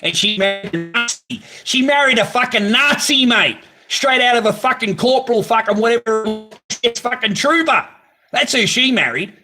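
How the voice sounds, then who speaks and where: A man's voice: very high voice, expressive, moderate pace, pushed and bright, soft background music. A man hosting a live stream from his garage on a phone camera, talking casually in a blunt, profane, ranting way. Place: home garage.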